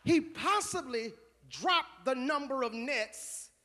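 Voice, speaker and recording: A man preaching a sermon as pastor, moving from low conversational asides to loud shouted call-and-response. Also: expressive, slow, a little hiss or hum.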